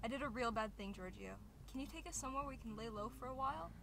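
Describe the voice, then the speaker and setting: A woman's voice: fairly high pitch, lively intonation, fast, vocal fry, crowd noise. A dramatic fugitive sitcom girl. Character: young woman on the run, breezy and dramatic.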